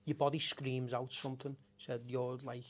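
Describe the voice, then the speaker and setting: A middle-aged man from Liverpool who owns a café talks frankly on a podcast as a guest, storytelling in a conversational way. His medium-pitched voice is flat in delivery and normal in speed, and he is raw and emotional, cursing often and restarting sentences mid-thought.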